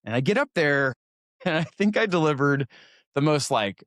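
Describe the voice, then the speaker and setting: A man's voice: mid-range voice, unhurried, no room sound, clean studio sound. A man in his forties from Oregon, telling stories from his school years as an interview guest, joking at his own expense and laughing as he talks. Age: 40s. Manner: self-deprecating, laughs while telling stories. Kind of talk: casual storytelling interview.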